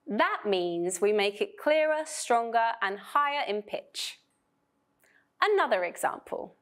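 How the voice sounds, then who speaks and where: Woman teacher from Vietnam, higher voice with very animated intonation, slow and clear scripted lesson delivery. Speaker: pronunciation teacher.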